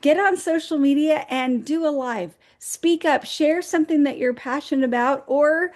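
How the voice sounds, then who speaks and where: A woman's voice: high-pitched, moderate pace. A woman co-hosting a motivational show, giving upbeat, encouraging advice as numbered points. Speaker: co-host. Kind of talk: motivational talk.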